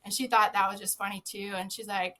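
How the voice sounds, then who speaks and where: A woman's voice: mid-range voice, level tone, brisk, sharp tone. A woman guest on a podcast, a former zookeeper telling a casual anecdote, swearing freely and laughing often.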